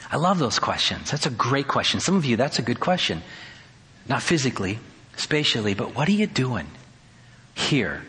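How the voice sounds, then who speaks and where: A male pastor delivering a sermon in a conversational, animated way, with touches of wry humor. His voice is bright and forceful. It carries the long reverb of a church sanctuary. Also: mid-range voice, normal speed. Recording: hall reverb.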